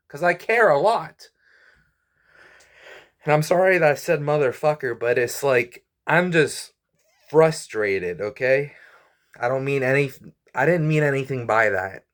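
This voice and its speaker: In this venting vlog, a man in his twenties, a YouTuber and comedian, rambles to his viewers, sounding frustrated and worn out, sighing and apologizing frequently. His voice has a fairly high pitch and a fairly bright tone.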